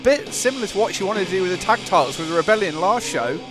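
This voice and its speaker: A man's voice: high-pitched, lively intonation, fast, over music. A man doing color commentary on a wrestling show in chatty, agreeable banter.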